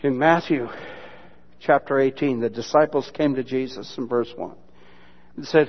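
A man preaching a sermon in a folksy, mocking, humorous way, mixing Bible lessons with sudden loud imitations. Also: mid-range voice, moderate pace, long pauses. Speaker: pastor. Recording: dull lo-fi sermon recording.

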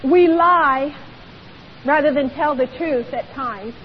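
High-voiced woman preaching a sermon. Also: takes it slowly. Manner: emphatic, rhetorical questions. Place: church. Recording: dull lo-fi recording with long hall reverb and faint hiss.

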